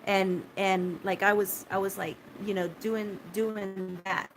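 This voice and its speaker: A woman telling viewers about a frightening experience in a halting, repetitive way, with many restarts and blunt swearing. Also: mid-range voice, level tone, background noise. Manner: shaken but steadying, talking straight to viewers. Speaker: vlogger recounting a personal ordeal. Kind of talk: casual spoken personal story.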